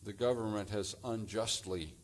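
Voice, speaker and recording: A man preaching a sermon as pastor, deliberate and measured, delivering his points in short phrases. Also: lowish voice.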